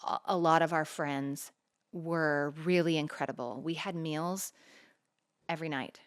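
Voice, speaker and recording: Speaking low and at a measured pace, a middle-aged podcast co-host earnestly recounts something that happened to her. She animates the retelling by performing the quoted dialogue herself, keeping the talk-show conversation casual and personal.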